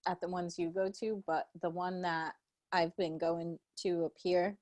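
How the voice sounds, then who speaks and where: A woman's voice: lowish voice, flat delivery, a little slow, darkish tone. Exasperated young woman telling stories. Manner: storytelling, profane, exasperated. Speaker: podcast co-host. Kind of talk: casual chat.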